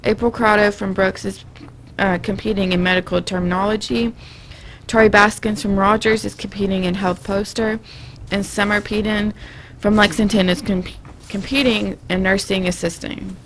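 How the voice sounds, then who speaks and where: Young woman, shy monotone announcement reader, faint noise behind. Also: mid-range voice, moderate pace, poor audio. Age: teens to young adult. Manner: quiet, reads names evenly with small stumbles. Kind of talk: reading announcements.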